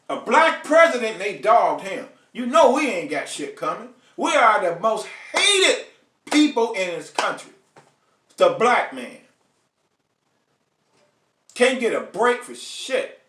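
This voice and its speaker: A high-pitched, sharp-toned American man hosts a live online show, ranting bluntly and profanely at his viewers and calling them out by name. He sounds far from the mic in an echoey room.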